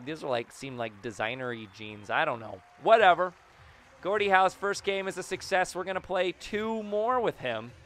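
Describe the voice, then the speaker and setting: A man giving casual, excitable commentary over his own gameplay, muttering to himself, then yelling when things happen. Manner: excitable, swings between low muttering and sudden yells; talks to the game and himself, repeats phrases. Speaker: gaming video creator.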